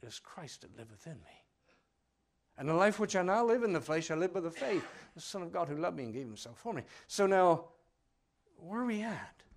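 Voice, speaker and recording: Dramatic preacher with a lively voice. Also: male voice, high voice, brisk. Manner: dramatic, swings from loud to hushed; acts out voices of the people in the story. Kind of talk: sermon.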